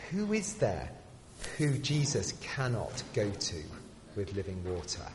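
A man preaching a sermon. He asks rhetorical questions and drops to a hush on key phrases. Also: mid-range voice, a little hiss or hum. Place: church. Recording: distant voice in a reverberant hall.

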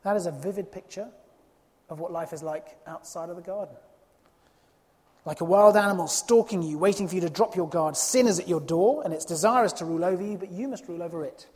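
A preacher giving an emphatic sermon, voice at a middling pitch, ringing out with a long hall reverb. The delivery is expressive and leans on rhetorical questions to drive points home. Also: a little fast.

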